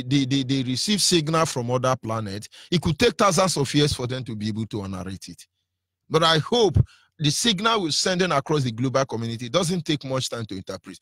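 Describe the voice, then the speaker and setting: A man's voice: fairly high pitch, a bit bright, no echo, studio quality. A man with a Nigerian accent giving an impassioned, preacherly radio talk, fiery and defiant. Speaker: radio broadcaster.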